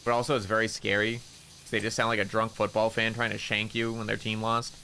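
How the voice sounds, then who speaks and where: A man's voice: fairly low pitch, monotone, fast talker, sharp tone, slight background noise. A man chatting casually on a gaming stream, rambling through funny stories with lots of laughing and swearing. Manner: rambling, laughing storyteller who swears a lot.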